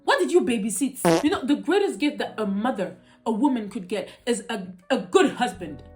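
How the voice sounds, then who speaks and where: A woman's voice: fairly high pitch, expressive, normal speed, darkish tone, soft background music. A young woman giving exasperated, ranting reaction commentary. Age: young adult. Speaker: reaction video host.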